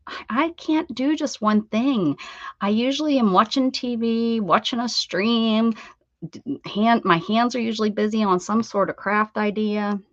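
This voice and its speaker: A woman's voice: a little high, measured pace, no echo. An American woman in middle age hosting a craft livestream, chatting casually with viewers in a rambling way, with restarts and laughs. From United States. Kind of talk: casual chat with live viewers. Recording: dull, dry lo-fi stream audio.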